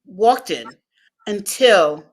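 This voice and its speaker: A woman's voice: mid-range voice, extremely slow. A woman guest in an interview, telling personal stories and acting out the dialogue in them. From United States. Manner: animated storyteller acting out dialogue, laughing. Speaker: guest speaker. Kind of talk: interview storytelling.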